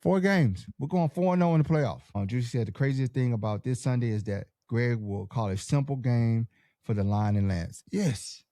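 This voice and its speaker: Fired-up slangy podcast host with a mellow voice. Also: male voice, medium pitch, moderate pace, no room sound, studio quality. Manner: fired-up, slangy pep-talk delivery. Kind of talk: casual sports podcast chat, reading live comments.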